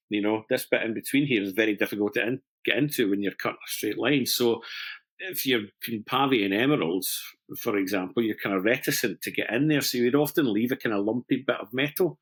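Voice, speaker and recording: A man's voice: medium pitch, a little fast, a bit bright, husky. A middle-aged man, a master stone setter explaining a jewellery technique in chatty, self-deprecating conversation, with restarts and fillers.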